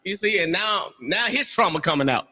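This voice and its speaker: A man on a discussion panel, talking in an animated way and acting out voices in his stories. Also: sits high, normal speed, big-room sound. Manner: animated storyteller, acts out quotes.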